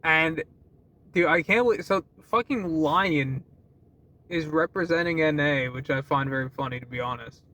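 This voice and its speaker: A young man talks to his camera in a loose, rambling way, with a lot of laughter and swearing. His voice sits high for a man. His sentences often stall and restart. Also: normal speed, sharp tone. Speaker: vlogger. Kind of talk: casual rambling vlog.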